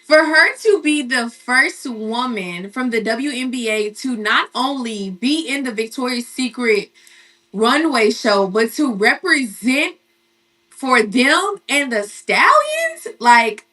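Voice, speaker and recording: A woman's voice: on the high side, expressive, slow pace, pushed and bright, far from the mic. A woman co-hosting a casual sports and celebrity chat show, talking in a chatty, emphatic way and repeating phrases for effect. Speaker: co-host.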